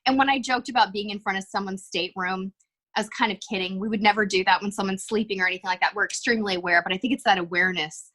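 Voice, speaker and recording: A woman's voice: medium pitch, fairly even intonation, rapid-fire, fairly bright tone. A middle-aged woman, a cruise vlogger, talking earnestly and reflectively as a guest in a podcast interview. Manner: earnest, reflective, self-aware.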